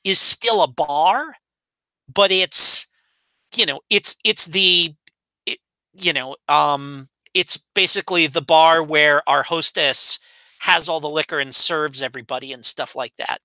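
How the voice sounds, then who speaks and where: A man with a bright, forward voice describes a location during a tabletop game. He hesitates, fills gaps and corrects himself mid-sentence, and the recording is dry and close. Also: on the high side, a little slow, no echo. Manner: rambling, hesitant, self-correcting. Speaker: player.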